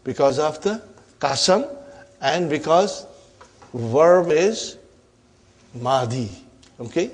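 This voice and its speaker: A man's voice: a little high, animated, slow pace, pauses often. Male teacher quizzing his class. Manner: checks understanding with frequent "huh?" and "are you with me?"; drills students with repeated questions and term-by-term explanation. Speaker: Arabic grammar teacher. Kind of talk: classroom grammar lesson.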